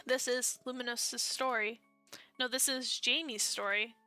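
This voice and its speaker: A streamer lending her voice to a gentle older woman mentor in a dating-sim game, slow and earnest as she urges someone on. The tone rides a little high and bright, and the sound is close and dry. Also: fairly even intonation, clear, resonant tone, no room sound, soft background music. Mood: urging. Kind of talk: game dialogue read aloud.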